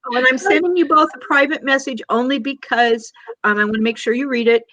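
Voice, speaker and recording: A woman's voice: high-pitched, a little fast, pushed and bright, dry recording. A woman on a video call, effusive and full of compliments and endearments. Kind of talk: casual chat.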